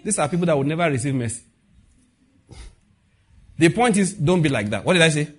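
A man's voice: fairly high pitch, a little fast, husky. A middle-aged man with a Nigerian accent preaching in a conversational way, acting out quoted dialogue and asking his listeners questions. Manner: animated, acts out quoted dialogue, asks the audience questions. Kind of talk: conversational sermon.

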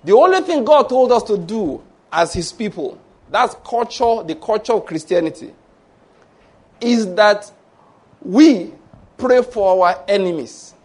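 A man with a Nigerian English accent preaching a sermon, telling stories, acting out voices and breaking into shouted mock prayers. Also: high voice, lively intonation, a little slow. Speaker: pastor.

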